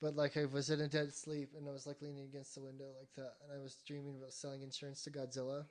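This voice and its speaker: A man co-hosting a casual podcast chat, animated and profane, acting out his own reactions as he talks. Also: medium pitch, quick pace. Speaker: podcast co-host.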